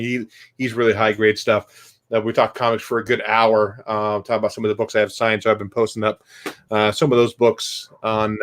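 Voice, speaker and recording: A man hosting a casual comics podcast, rambling through upbeat plugs with lots of fillers. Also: lowish voice. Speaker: podcast host. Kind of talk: casual chat.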